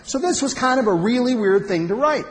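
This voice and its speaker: A man giving an animated, emphatic storytelling talk to an audience at a men's conference in a large hall. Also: extremely high pitch, brisk. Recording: long hall reverb.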